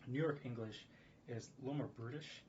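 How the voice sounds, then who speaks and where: A man's voice: mid-range voice, fairly quick, a little mellow, slight background noise. An American man talking in a meandering casual monologue, often correcting himself and chuckling. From United States. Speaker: streamer. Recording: slightly dull lo-fi sound with faint background ambience.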